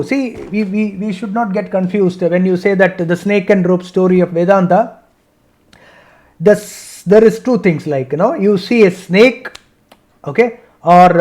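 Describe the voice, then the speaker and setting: A man teaching a scripture discussion over a video call, chanting Sanskrit verses and then explaining them slowly, often checking in with "right?". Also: high voice, a little mellow. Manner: explains slowly, repeats points, asks "right?". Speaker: Gita teacher.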